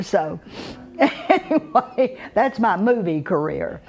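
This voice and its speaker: An older woman with a Texan drawl speaks slowly and in an unhurried way. She tells her stories in a folksy manner, chuckling and pausing on fillers as she goes. Her voice sits at a middle pitch. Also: lively intonation, a little mellow. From Texas. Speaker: actress telling her career story. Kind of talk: unhurried storytelling to a live audience.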